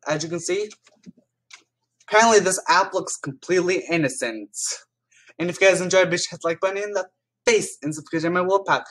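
A man's voice: sits high, fairly quick, fairly bright tone. A man giving casual reaction commentary as a YouTuber, chatting to viewers and reading stories aloud with small restarts.

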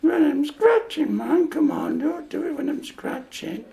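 A man's voice: very high voice, lively intonation, a little slow, gravelly, warm tone, pitched above the performer's own voice, full character voice. A man voicing a fidgety, cheeky young male dog with a Yorkshire accent, talking in a whiny, childlike way. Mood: indignant. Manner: whiny, childlike, talks to "Dad".

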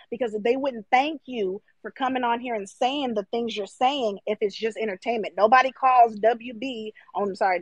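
A woman's voice: a little high, dry recording, low-quality recording. A young woman arguing her point on a live stream, emphatic and mocking, now and then mimicking her critics. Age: 20s. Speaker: livestream guest. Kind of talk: heated debate.

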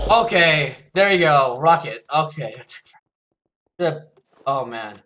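A man giving live gameplay commentary, excitable, repeating words in bursts and yelping when he gets hit. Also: fairly high pitch, slow pace, pauses often, background noise. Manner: yelps and laughs when hit. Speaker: gaming YouTuber.

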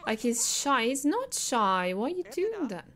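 Slow-talking woman commenting on gameplay. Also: high-pitched, very animated, fairly bright tone. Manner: chatty, talks to the game characters, laughs often.

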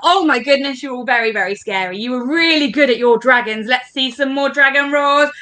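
A woman's voice: high voice, a little fast, bright, forceful tone. A woman leading an interactive story workshop for children, talking in a playful, encouraging, sing-song way.

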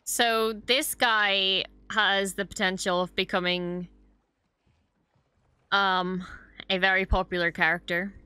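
A woman's voice: medium pitch, little pitch movement, slow, pauses often, sharp tone, smooth, dry recording. A young woman hosting a reaction video, chatting casually and expressively, swearing often and gushing over what she watches.

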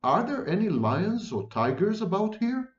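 A man's voice: mid-range voice, huge pitch swings, normal speed. A man reading aloud and voicing a timid, thoughtful little girl who pleads earnestly, recorded in a roomy space with dull sound.

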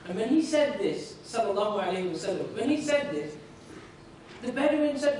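Man preaching, high pitched voice, conversational storytelling, very echoey room, mic far off. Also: moderate pace, a little hiss or hum. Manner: conversational, often checks in with "right?", repeats words. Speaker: religious speaker. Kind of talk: sermon storytelling. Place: university room.

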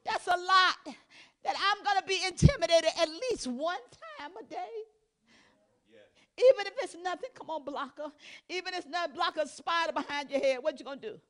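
High bright-voiced woman preaching fervently. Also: normal speed. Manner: fervent, shouting in bursts, then dropping to hushed talk. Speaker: pastor. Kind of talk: sermon.

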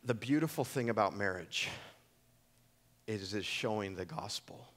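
A man's voice: lowish voice, expressive, measured pace, a bit bright. Male preacher, casual storyteller, playful, does voices for the people in his anecdotes. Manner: conversational, jokey, acts out voices in his stories. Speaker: pastor. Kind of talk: sermon. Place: church.

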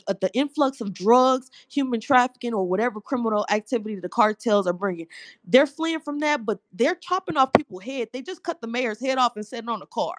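A woman's voice: on the high side, dry recording. A woman from Houston, calling in on speakerphone from her kitchen, worked up, swearing and tripping over her words. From Houston, Texas. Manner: fired-up, swearing, stumbling restarts. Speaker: caller. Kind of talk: heated call-in debate. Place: home kitchen. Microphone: phone on speaker.

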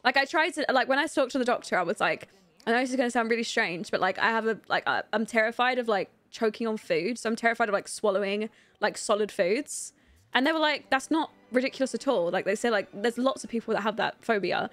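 A young woman streaming a life-sim game, chatting candidly with viewers, rambling with lots of fillers and quick to laugh. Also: a little high, animated, fairly bright tone, dry recording. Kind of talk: casual live-stream chat while playing.

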